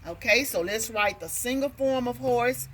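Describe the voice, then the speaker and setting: A woman's voice: fairly high pitch, normal speed, a bit bright, a little hiss or hum. A woman teaching parents how to work on reading with a nursery rhyme, sounding out words and checking in with "okay.".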